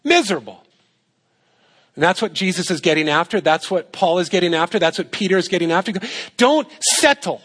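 A man's voice: a little high, fairly even intonation, fast, few pauses, a bit bright. A man preaching a sermon in a conversational way, asking rhetorical questions and repeating his points for emphasis. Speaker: pastor.

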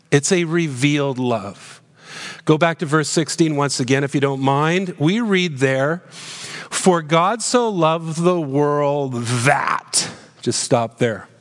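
High-voiced male pastor in a reverberant hall. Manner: earnest, questioning, slows down on key phrases. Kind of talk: sermon.

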